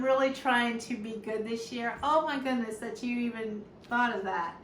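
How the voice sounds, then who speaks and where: A woman YouTube vlogger unboxes a gift while chatting casually, speaking at a normal speed with few pauses in a slightly high voice. She gushes, gasps and exclaims often, growing teary and sniffling at times. The sound is roomy, from a distant mic, with faint background noise.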